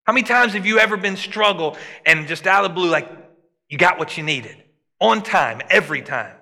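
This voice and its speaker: A man preaching with a high, very bright and forceful voice. He rises and drops for emphasis as he delivers the sermon, and a long reverb trails after him in the sanctuary. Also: brisk, creaky. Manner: animated preaching, voice rising and dropping for emphasis. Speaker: pastor.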